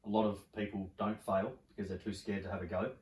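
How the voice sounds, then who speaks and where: Fast-talking Australian man telling stories. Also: lowish voice, a little hiss or hum. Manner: animated, swears freely, voices characters in stories. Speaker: podcast guest. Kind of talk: casual storytelling chat. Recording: roomy, from a distance.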